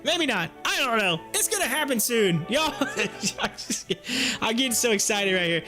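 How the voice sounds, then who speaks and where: A man's voice: very high-pitched, very animated, moderate pace, pushed and bright, soft background music. A young man hosting a live stream from home, chatting casually, joking and laughing often while he waits. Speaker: livestream host.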